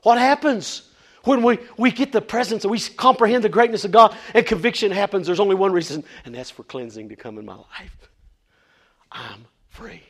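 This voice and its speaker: A middle-aged man preaches with fervent emphasis. He sometimes stumbles and restarts. His voice sits high for a man. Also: lively intonation, normal speed. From West Virginia, USA. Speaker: lay preacher. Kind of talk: sermon.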